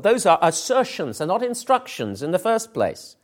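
A man preaching with an emphatic, searching delivery. His voice sits a little high and swings widely in pitch as he leans on key words and asks rhetorical questions. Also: huge pitch swings, normal speed. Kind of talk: sermon.

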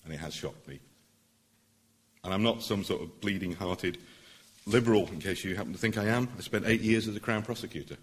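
A middle-aged man, a barrister, addressing a public meeting in an earnest, emphatic way that builds to forceful points. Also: lowish voice, brisk. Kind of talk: public speech.

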